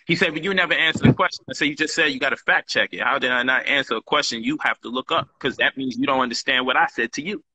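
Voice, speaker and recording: A man's voice: mid-range voice, quick pace, hardly any pauses, pushed and bright, a little hiss or hum. A man hosting a talk show, telling a story in a casual, streetwise way and acting out both sides of an argument.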